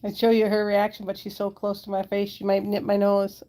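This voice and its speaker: Woman pet owner hosting a live stream from home, chatty and giggly, with a warm, mellow tone. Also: medium pitch, completely flat delivery, brisk. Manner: chatty, giggly, talks to her pets and viewers. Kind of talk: casual live-stream chat. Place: at home with her pets. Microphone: handheld phone camera held close.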